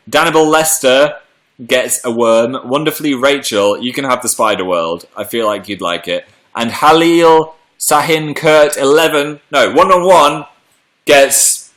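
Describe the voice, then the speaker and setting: A man chatting casually on a livestream, reading viewers' comments aloud and hopping between topics with animated energy. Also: medium pitch. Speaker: live streamer.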